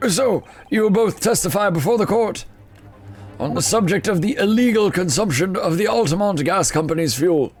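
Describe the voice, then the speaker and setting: A man voicing a pompous elderly judge for a game, formal, deliberate and long-winded. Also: high voice, lively intonation, faint music behind. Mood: stern.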